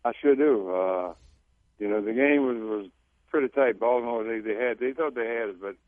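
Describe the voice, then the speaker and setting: Man, radio guest, halting speech, repeats words, phone-line sound. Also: mid-range voice, no echo. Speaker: former teammate, radio guest.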